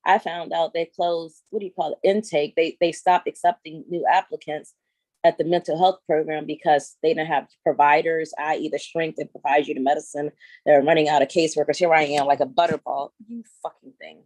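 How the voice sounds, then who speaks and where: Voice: mid-range voice, level tone, fairly quick, a little mellow, no room sound. A vlogger telling a long story in an exasperated, profane rant while walking around and filming on a handheld phone. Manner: profane, exasperated and blunt, rambling. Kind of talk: ranting vlog storytelling.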